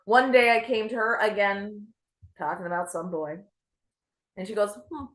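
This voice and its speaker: A young adult woman doing a stand-up set with a self-deprecating, deadpan delivery. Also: medium pitch, normal speed. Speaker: stand-up comedian.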